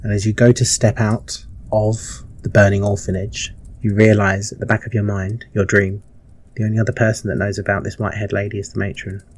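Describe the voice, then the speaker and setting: A man's voice: on the low side, little pitch movement, brisk, slight background noise. Male game master narrating vividly.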